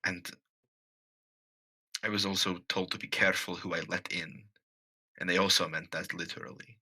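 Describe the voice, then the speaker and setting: Man doing a young woman adventurer, hesitant, formal, low, husky, bright tone. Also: flat delivery, full character voice. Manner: halting and formal, many stumbles.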